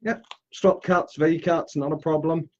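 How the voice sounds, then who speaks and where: A man's voice: on the high side, fairly even intonation, a little slow, lo-fi sound. A man demonstrating woodcarving on a live stream, chatting casually and greeting viewers as he works. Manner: chatty and upbeat, greets viewers while carving.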